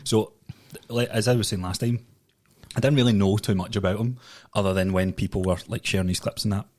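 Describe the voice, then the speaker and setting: A Scottish man in his late twenties with a fairly low voice, spinning casual stories on a podcast. He laughs easily and swears without a second thought. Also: fairly even intonation, a little fast, a little mellow. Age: late 20s. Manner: storytelling, laughs often, swears freely. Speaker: podcast guest.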